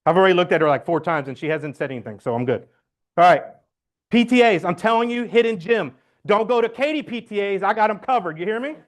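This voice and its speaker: A man addresses his real estate team in a meeting. He talks loud and blunt, cracks jokes, and acts out phone calls in a voice pitched a bit high for a man. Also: fast talker. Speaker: real estate agent giving a team talk. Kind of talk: motivational team meeting talk. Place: meeting room.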